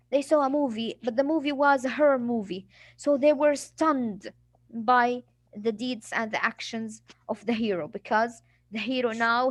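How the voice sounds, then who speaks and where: A female English teacher with a fairly high voice gives a classroom vocabulary lesson, explaining patiently and acting out examples. The recording is dry and close, with no room sound.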